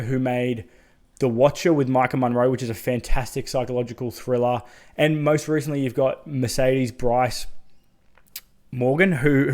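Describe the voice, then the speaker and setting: A man's voice: medium pitch, a little mellow. A man giving a casual, enthusiastic spoken review of horror short films, swearing freely and adding chatty asides.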